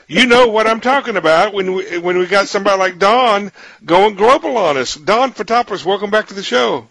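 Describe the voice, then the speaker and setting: A male radio talk show host speaks in a relaxed, conversational way, often doubling back on his words. His voice sits a little high for a man. The sound is close and dry, with no room echo. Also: moderate pace, creaky. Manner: chatty, repeats words while searching for phrasing. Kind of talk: casual radio interview.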